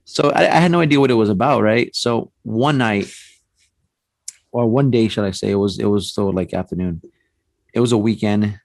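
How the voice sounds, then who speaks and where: Animated man telling a ghost story. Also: fairly low pitch, normal speed, creaky, dry recording. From San Antonio, Texas. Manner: animated storyteller, acts out quotes, frequent restarts and "man". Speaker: paranormal investigator guest. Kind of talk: casual storytelling on a podcast.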